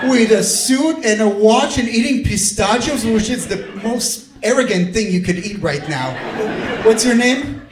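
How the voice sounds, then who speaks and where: A man doing stand-up crowd work, loud and mocking, laughing and shouting at people in the audience. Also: sits high, expressive, measured pace, noisy background. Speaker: stand-up comedian. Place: comedy stage before a live audience. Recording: roomy club sound from a distance, loud audience.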